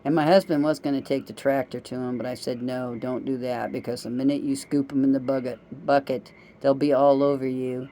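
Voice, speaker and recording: A middle-aged woman chats into her camera in a loose, meandering vlog. Her voice is mellow and unhurried in tone, and she tells homey anecdotes with a self-amused, gossipy ease. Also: rumbling low, steady tone, a little hiss or hum. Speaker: vlogger. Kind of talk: casual rambling monologue.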